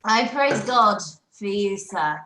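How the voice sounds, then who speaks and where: A woman playing a fawning, pedantic male village curate in a live online Shakespeare performance, with flowery, flattering speech. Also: mid-range voice, roomy sound, a little hiss or hum. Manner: flowery, flattering, deliberate delivery.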